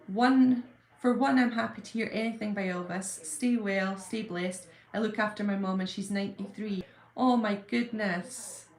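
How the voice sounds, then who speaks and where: Chatty woman in a roomy space. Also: mid-range voice. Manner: chatty, warm greetings, frequent ums and apologies. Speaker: livestream host. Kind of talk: casual live chat, reading viewer comments aloud. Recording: roomy echo.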